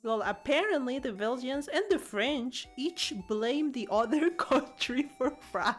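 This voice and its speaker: A woman's voice: high-pitched, animated, a little slow, soft background music. A woman streamer, chatting casually and playfully, reading chat aloud and giggling often. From Latin America. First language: Spanish.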